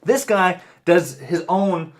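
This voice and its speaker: A man's voice: high voice, slow pace. A man hosting a casual podcast, joking loosely and swearing freely. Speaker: podcast host. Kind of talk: casual chat about movies.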